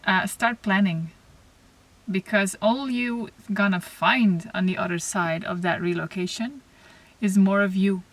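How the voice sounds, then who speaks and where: Soft-spoken woman reading oracle cards. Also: mid-range voice. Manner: soft, reflective, pauses and restarts. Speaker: oracle card reader. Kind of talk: spiritual card reading to camera. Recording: slightly distant mic, faint noise.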